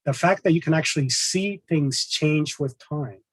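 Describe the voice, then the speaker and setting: A man, a professional astronomer, giving an earnest, measured talk over a video call. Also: on the high side, breathy edge, no echo. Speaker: professional astronomer, guest speaker.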